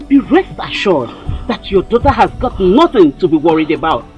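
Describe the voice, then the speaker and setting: Nigerian mother, very lively pitch, calming, reassuring. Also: normal speed, highs cut off, faint music behind. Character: soothing, assured mother of a prince's rival. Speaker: actor. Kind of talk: Nollywood film drama.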